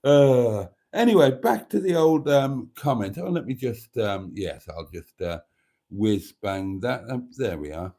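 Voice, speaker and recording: A British man hosts a chatty live stream in a camp, theatrical, teasing manner, calling his viewers darlings. His voice is mellow, and his nose sounds stuffy. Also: mid-range voice, expressive, unhurried. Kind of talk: casual live stream chat.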